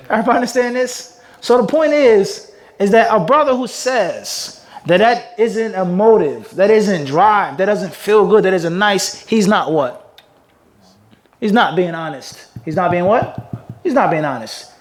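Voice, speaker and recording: A man, a mufti, giving a religious lecture on hadith, quizzing his class with rhetorical questions and reading passages aloud in rapid Arabic. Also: sits high, lively intonation. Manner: call-and-response teaching with rhetorical questions the class answers.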